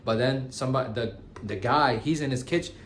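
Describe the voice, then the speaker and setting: A young man in his twenties tells shop stories in loose, slangy vlog talk, full of "bro" and "guys." His voice sits at an ordinary middle pitch. A faint hum sits behind him. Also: brisk. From United States. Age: 20s. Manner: slangy and animated, says bro and guys a lot. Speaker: tattoo shop owner. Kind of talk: casual storytelling vlog.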